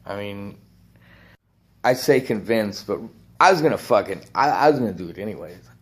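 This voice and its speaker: A man's voice: lowish voice, lively intonation, moderate pace, husky. Profane rambling man telling a biker story. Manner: profane, rambling, laughs often. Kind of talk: casual storytelling.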